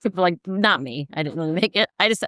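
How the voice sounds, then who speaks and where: Middle-aged woman, smooth clear voice, dry close sound, casual self-deprecating chat. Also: lowish voice, expressive, quick pace, fairly bright tone, no echo. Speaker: guest.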